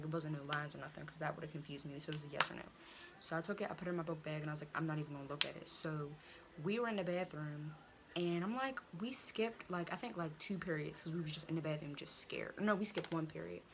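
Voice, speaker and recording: A woman's voice: deep voice, noisy background. A teenage woman telling a casual storytime to her viewers, chatty and full of slang and fillers. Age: teens. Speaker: vlogger.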